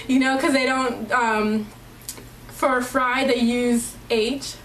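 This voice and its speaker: A woman's voice: high voice, unhurried. Chatty young woman vlogging, echoey room. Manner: chatty, many ums and likes, laughs often. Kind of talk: casual vlog talk. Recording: echoey room, faint background hum.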